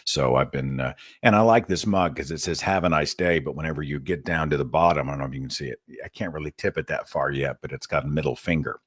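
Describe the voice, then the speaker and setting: Low-voiced Oklahoma man, wry host. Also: quick pace, few pauses, husky, no echo, clean studio sound. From Oklahoma, USA. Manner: chatty, wry, rambling asides. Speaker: call-in show host. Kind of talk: live call-in show monologue.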